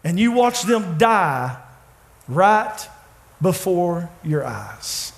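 High-voiced preaching man. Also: sing-song. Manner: preaching with dramatic pauses, swinging from loud to hushed. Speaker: pastor. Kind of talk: sermon. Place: church sanctuary.

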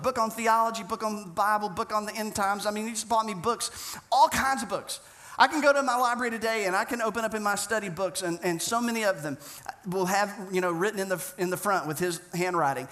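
A man's voice: sits high, a bit bright. A man pastor preaching a sermon, earnest and conversational, telling stories with frequent restarts.

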